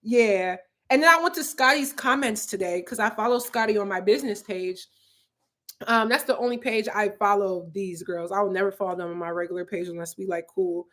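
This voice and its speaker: This twenty-something woman from Philadelphia, USA, speaks briskly in a medium-pitched, fairly bright voice. Hosting a YouTube livestream at her apartment, she rambles casually while reading viewer comments, filling gaps with "like" and "um."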